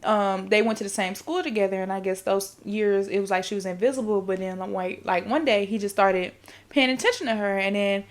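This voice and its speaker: A woman's voice: medium pitch, fairly quick. Woman rambling through a casual movie recap. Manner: rambling and profane, with repeated fillers; talks straight to the audience. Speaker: podcast host.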